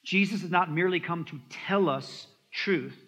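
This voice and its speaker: A man preaching a sermon as pastor, emphatic, swinging between loud and soft and slowing down on key phrases. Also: sits high, breathy edge. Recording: echoey hall with long reverb.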